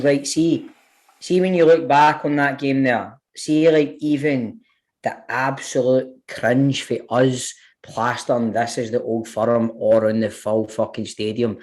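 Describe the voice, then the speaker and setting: A man's voice: medium pitch, darkish tone. A man on a football podcast panel, talking bluntly and heatedly with plenty of swearing. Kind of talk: casual football podcast chat.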